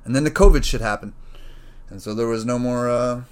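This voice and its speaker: A young man hosting a casual solo podcast, rambling and swearing freely, with sudden bursts of high mock voices when he imitates other people. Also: brisk, smooth. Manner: rambling, profane, animated, mimics others in a raised voice. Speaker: podcast host.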